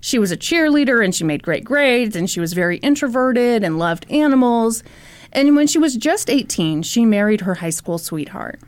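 High-voiced woman telling a story. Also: animated, normal speed. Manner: profane, wry and teasing. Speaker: podcast host. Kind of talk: casual storytelling chat.

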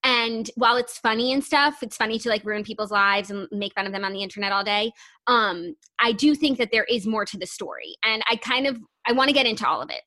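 A woman's voice: fairly high pitch, brisk, bright, forceful tone, no room sound. Chatty young woman podcast co-host. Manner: chatty, heavy use of "like". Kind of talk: casual chat.

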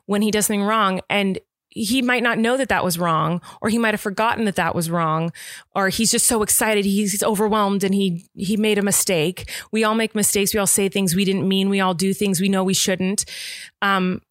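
A young adult woman co-hosting a podcast, talking at length in a chatty, animated way about parenting. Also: mid-range voice, no echo, clean studio sound. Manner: talkative, animated, quick asides. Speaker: podcast co-host. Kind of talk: casual chat.

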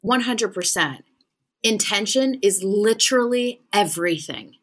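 A young adult woman, a spiritual medium, chatting casually on a podcast, telling animated stories and acting out the voices of the people in them. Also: mid-range voice, a little slow.

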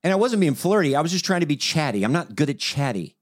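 A man's voice: on the high side, very animated, quick pace, dry recording, clean studio sound. An older man telling a rambling, self-deprecating story in casual family chat on a podcast. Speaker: family podcast regular, the dad.

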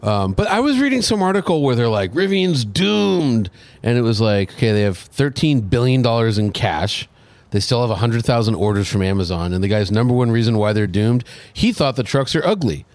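A man co-hosting a casual chat, relaxed, with joking asides. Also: fairly low pitch, brisk, dry recording. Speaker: podcast co-host.

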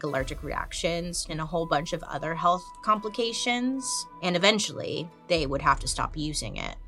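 A woman's voice: on the low side, pushed and bright. A woman in her thirties hosting a history podcast, chatty and irreverent, swearing casually as she tells the stories. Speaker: podcast host.

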